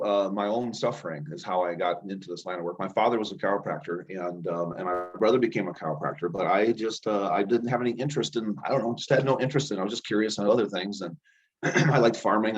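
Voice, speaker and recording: A man's voice: lowish voice, fast talker. A man, a chiropractor and healer guest, telling rambling stories in a casual interview and acting out quoted dialogue. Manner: rambling, restarts often, acts out quoted dialogue. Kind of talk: conversational storytelling. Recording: dull lo-fi sound.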